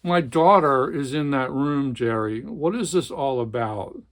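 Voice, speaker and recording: A man's voice: mid-range voice, lively intonation, unhurried. A man voicing a bewildered, dutiful middle-aged man who defends himself against his brother in a novel reading. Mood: distressed. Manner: pleading, defensive.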